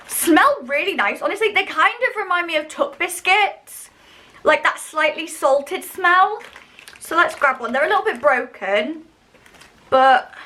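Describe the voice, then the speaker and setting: In her snack-review vlog, a young woman from the UK talks in a relaxed, excited way, peppering her speech with fillers. Her voice sits high and sounds bright and forceful.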